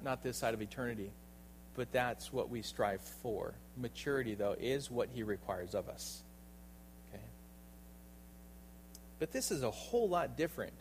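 A pastor preaches an emphatic sermon packed with rhetorical questions, often checking in by asking listeners "right?" He swings between loud bursts and soft, low asides. The recording is rough, with a little hiss or hum.

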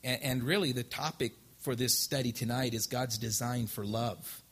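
A man's voice: mid-range voice, steady tone, moderate pace, a bit bright, husky. A man, telling his life story as an informal testimony sermon from a church pulpit, acting out old conversations. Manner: folksy storytelling, acts out past dialogue. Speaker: preacher. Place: church sanctuary.

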